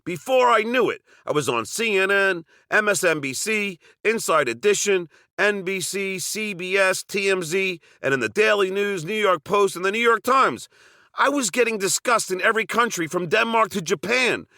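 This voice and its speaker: A man's voice: sits high, animated, normal speed, sharp tone, no echo, studio quality. A middle-aged man with a Long Island accent narrating a personal story from a script, with wry, sardonic asides.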